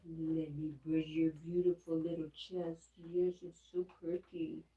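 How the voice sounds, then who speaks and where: Low-voiced woman in a roomy room. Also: flat delivery, unhurried, mellow, muffled recording. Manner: coos in baby talk to her dog. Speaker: livestream host. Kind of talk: casual livestream chat, reading viewer comments aloud. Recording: roomy sound, mic far off.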